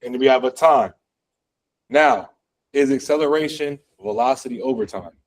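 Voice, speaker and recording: In a roughly recorded classroom lecture, also streamed online, a man teaches college physics at a moderate pace in a mid-range voice. He keeps things conversational, leans heavily on fillers, and poses questions to his students.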